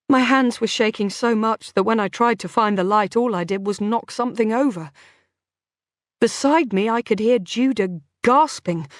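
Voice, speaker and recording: Slow, dry-voiced woman narrating. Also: fairly high pitch, no room sound. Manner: tense, dramatic storytelling. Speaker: audiobook narrator. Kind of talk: first-person scripted narration.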